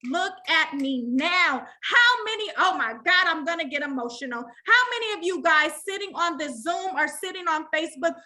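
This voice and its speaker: Bright high-voiced woman life coach. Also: normal speed, hardly any pauses. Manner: preacher-like call and response with the audience. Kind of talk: live online motivational session.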